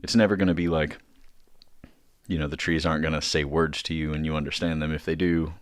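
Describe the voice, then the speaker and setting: A man's voice: extremely low pitch, flat delivery, fairly quick, no room sound, studio quality. A man talking as a podcast guest in casual chat, rambling with many fillers and restarts.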